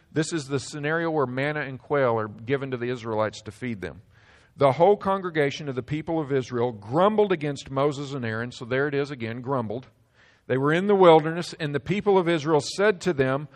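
A male pastor preaching a sermon, swinging between loud emphasis and sudden hushed drops. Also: medium pitch.

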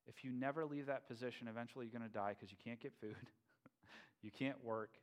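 A man preaching a sermon, lively and humorous, acting out scenes. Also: mid-range voice, brisk. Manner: animated, acts out biblical figures with playful humor. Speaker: pastor.

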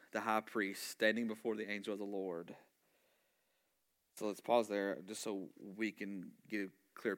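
A male pastor preaching a sermon in an animated way, often restarting phrases and asking his congregation questions. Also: fairly low pitch. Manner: animated, with frequent restarts and repeated words; asks the congregation rhetorical questions and call-and-response.

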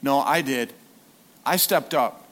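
This former youth leader, now a lay preacher, speaks slowly in a mid-range, slightly bright voice. His sermon is relaxed and conversational, and he frequently asks the congregation questions.

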